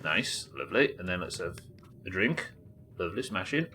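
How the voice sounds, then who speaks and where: A man's voice: deep voice, lively intonation, normal speed, sharp tone, a little hiss or hum, low-quality recording. A man chatting casually and swearing while he talks through a game on a live stream. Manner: chatty, swearing, thinking aloud. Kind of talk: casual gameplay commentary.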